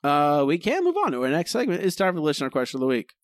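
A man's voice: a little high, huge pitch swings, rapid-fire, dry recording, studio quality. A man co-hosting a podcast, critiquing an episode in a casual, exasperated way. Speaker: podcast co-host.

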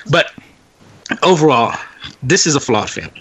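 A man's voice: mid-range voice, normal speed. A young man hosting a podcast, telling a story in casual chat, acting out what people said and laughing often. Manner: animated storyteller, acts out quotes, laughs often. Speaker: podcast host.

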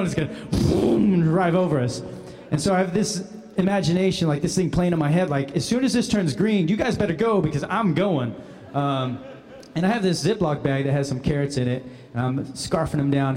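A man telling a funny personal anecdote, animated and often laughing as he speaks. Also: on the high side. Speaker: guest storyteller. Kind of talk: comic anecdote.

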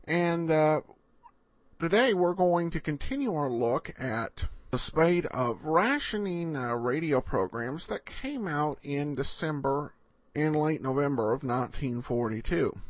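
A man hosting a podcast, introducing an old radio episode in a plain, relaxed way, recorded dry and close. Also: on the high side, dry recording. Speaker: podcast host.

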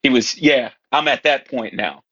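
A man who coaches high school football, a podcast guest telling wry anecdotes and acting out his players' voices. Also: normal speed, fairly bright tone, slightly rough, lo-fi sound. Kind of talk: casual storytelling chat.

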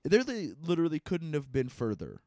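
A man, a stand-up comedian co-hosting a podcast, telling stories in casual, profane, animated chat. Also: fairly high pitch, fairly quick, dry recording, studio quality.

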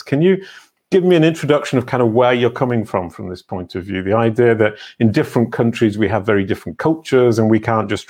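A man from England, hosting a casual interview in an animated manner, his pitch jumping when he stresses a point. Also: husky. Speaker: podcast host.

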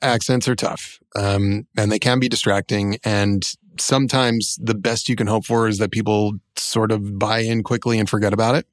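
A man's voice: on the low side, flat delivery, dry recording, clean studio sound. A middle-aged man co-hosting a podcast in casual chat, wry and joking, shifting his pace as he talks. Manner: wry, joking, speeds up and slows down. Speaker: podcast co-host.

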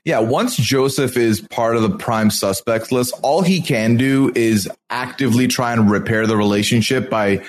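A man co-hosting a podcast, giving measured, reasoned analysis of the game in casual chat. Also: mid-range voice. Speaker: podcast co-host.

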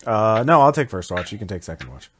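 A man playing a tabletop game, speaking in character in a halting way, often repeating words as he searches for them. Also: lowish voice, expressive. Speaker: player.

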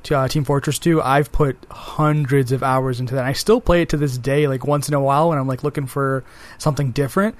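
A man's voice: mid-range voice, steady tone, a little fast, no echo. A man co-hosting a casual games podcast, talking in a chatty, eager way. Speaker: podcast co-host. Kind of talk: casual chat about games.

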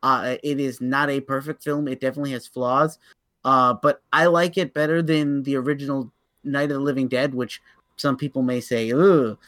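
Male podcast co-host, bright slightly high voice, chatty and opinionated, dry mic. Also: steady tone, moderate pace, no echo. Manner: opinionated, stammers on restarts, laughs while telling stories. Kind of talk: casual chat.

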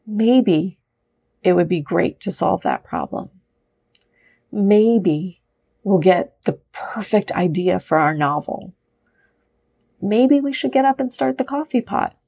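Gravelly-voiced woman teaching meditation. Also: medium pitch. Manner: gentle, conversational, asks "right?" often. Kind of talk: guided meditation talk.

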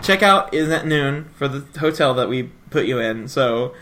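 A man's voice: mid-range voice, expressive, normal speed, a bit bright. A man co-hosting a comedy podcast in casual chat, joking and laughing often. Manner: jokey, laughs often, goofy bits. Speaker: podcast co-host.

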